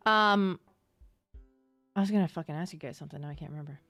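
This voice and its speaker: A young woman livestreamer chatting casually and excitably with her viewers, swearing now and then. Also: low voice, fast talker, dry recording, faint music behind. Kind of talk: casual chat with live chat.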